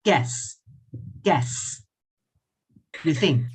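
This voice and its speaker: A man who speaks English with a British accent and a Thai first language, teaching an online English class in a playful way, repeating his questions slowly and chuckling often. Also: on the high side, expressive, slightly rough. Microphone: computer mic on a video call.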